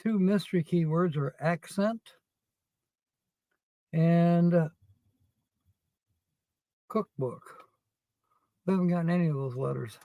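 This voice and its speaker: A man hosting a livestream, chatting casually with viewers as he scratches tickets and reads out letters at a slow, rambling pace. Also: a little high, warm tone, no echo, poor audio. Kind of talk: casual live-stream chat.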